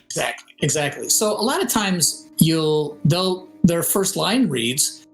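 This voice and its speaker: Speaking unhurriedly in a fairly high, creaky voice, this older game composer and audio director gives a relaxed interview over video call. He's an animated storyteller who sings tunes and mimics people. The recording is poor, with faint music in the background.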